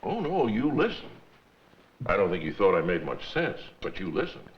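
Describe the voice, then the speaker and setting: A man's voice: lowish voice, sing-song. An actor playing a patient, dry-humored governor who teases his grown daughter. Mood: wry. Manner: dry, teasing, fast-talking. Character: wry, patient governor father, middle-aged. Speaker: governor, father. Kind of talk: 1970s sitcom acting. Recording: dull lo-fi old TV film with hiss.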